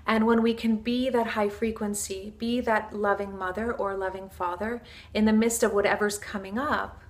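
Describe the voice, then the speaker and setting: A woman spiritual teacher speaks in an earnest, flowing, casual manner, full of fillers like "like" and "you know". Her voice sits at a middling pitch for a woman. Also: fairly even intonation, normal speed.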